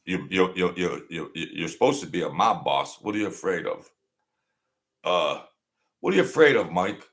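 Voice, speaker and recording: A man's voice: low voice, sing-song, normal speed, a bit bright. A man hosting a show, delivering a sarcastic, mocking rant. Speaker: host. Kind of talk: ranting commentary.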